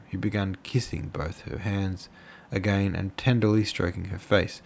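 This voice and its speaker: Tired guy reading a novel out loud, low gravelly voice, stumbles on names. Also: flat delivery, normal speed, few pauses. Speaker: audiobook reader. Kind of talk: amateur book reading.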